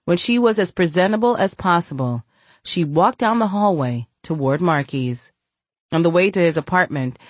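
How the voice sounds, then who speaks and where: A woman's voice: fairly low pitch, dry recording. A woman narrating a gritty novel as an audiobook, reading expressively. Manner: expressive, voices each character. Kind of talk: scripted narration.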